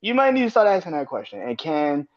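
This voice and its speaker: A man in his thirties hosting his own sports podcast, talking loosely and swearing freely, his voice jumping high when he rants. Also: wildly swooping pitch, quick pace, darkish tone, muffled recording. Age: 30s. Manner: loose and profane, rants with sudden high-pitched outbursts. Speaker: podcast host. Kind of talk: casual solo sports podcast.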